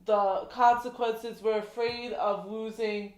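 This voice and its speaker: A woman's voice: a little high, steady tone, slow. Earnest woman in an echoey room. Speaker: podcast co-host. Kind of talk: casual chat.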